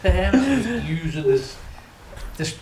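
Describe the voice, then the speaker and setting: A man's voice: high voice, very animated, a little slow, roomy sound, very noisy. A Scouse man from Liverpool telling a wild story as a podcast guest, laughing often, swearing freely and acting out what people said. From Liverpool, England. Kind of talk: casual anecdote telling.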